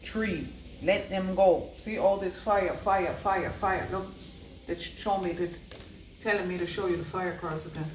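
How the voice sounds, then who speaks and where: A woman giving a channelled oracle card reading. She rambles and repeats words in chanting bursts, swinging between low murmurs and loud declarations. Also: steady tone, unhurried, slight background noise. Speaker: psychic oracle card reader. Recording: echoey room.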